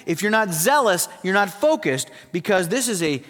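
A man with a notably high voice preaching in a church sanctuary, his words trailing off into a long, ringing reverb. He delivers the sermon with animated emphasis, pressing the congregation with rhetorical questions. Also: moderate pace. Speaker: pastor. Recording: long reverb of a large hall.

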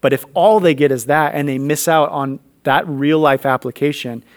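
Animated storytelling dad. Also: male voice, a little high, normal speed. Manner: animated storyteller acting out dialogue. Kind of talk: storytelling in a faith conversation.

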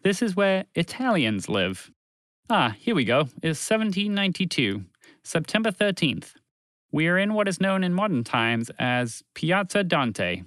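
A man's voice: on the high side, very animated, measured pace, a bit bright, dry recording. A man doing a precise spaceship computer. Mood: informative. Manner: precise, informative, a bit exasperated. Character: calm know-it-all female spaceship computer.

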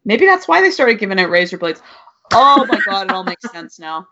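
A woman's voice: medium pitch, big pitch swings, brisk, sharp tone, lo-fi sound. A woman in her thirties co-hosting a podcast in casual chat, sarcastic and profane, laughing often. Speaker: podcast co-host.

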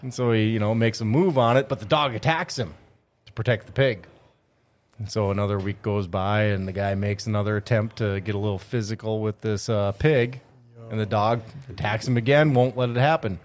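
A man's voice: lowish voice, fairly even intonation, a little fast. A man with an Upper Midwest American accent, easygoing and dry-humored, chatting casually and telling a joke in a studio. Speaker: studio host.

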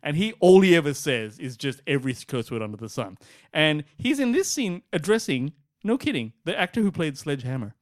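A man co-hosting a casual podcast chat. He talks in an animated, rambling way, with frequent restarts and laughs. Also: fairly high pitch, a little fast, dry recording, studio quality. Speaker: podcast co-host.

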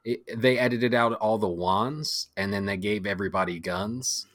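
A man hosting a podcast, joking and quick to laugh in casual banter on a close mic. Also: lowish voice, steady tone, a bit bright, no echo.

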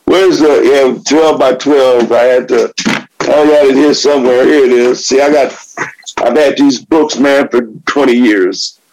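A man in his seventies sharing his personal story at a recovery meeting, cursing freely, laughing often and swinging between loud outbursts and quiet reflection. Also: medium pitch, a little slow, a little hiss or hum, low-quality recording. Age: 70s. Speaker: AA meeting speaker.

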